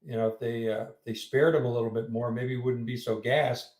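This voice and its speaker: A man's voice: mid-range voice, fairly even intonation, brisk, a little mellow. A man co-hosting a casual post-game sports talk, speaking hesitantly with lots of fillers. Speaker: podcast co-host. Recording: echoey room.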